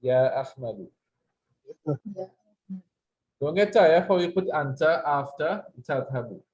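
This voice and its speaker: A man with a fairly high, lively voice teaches an Arabic lesson at a brisk clip, his darkish tone sounding muffled with the highs cut off. Patiently, he explains verb forms in English and repeats words for the students to echo back in this classroom language lesson.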